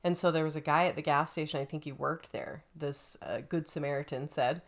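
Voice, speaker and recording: A woman telling a story in a casual chat, animated and acting out the quotes. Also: low voice, a little fast.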